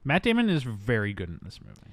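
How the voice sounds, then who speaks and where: A man's voice: mid-range voice, huge pitch swings, fast, no room sound. A man hosting a casual movie review podcast, rambling and jokey, now and then slipping into silly voices. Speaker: podcast host.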